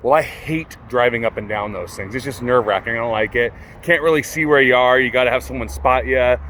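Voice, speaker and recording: A man's voice: mid-range voice, a little fast, slight background noise. A man working as a car salesman, telling a funny story to the camera outdoors at a car lot in a casual, chatty way. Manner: chatty, animated when quoting others.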